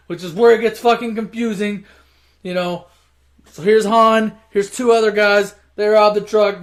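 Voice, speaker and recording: A man casually retelling action movies for an online audience, swearing constantly and mocking the plots, jumping into shouted character voices. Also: sits high. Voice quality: swears constantly, mocks and rants. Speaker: movie recap storyteller.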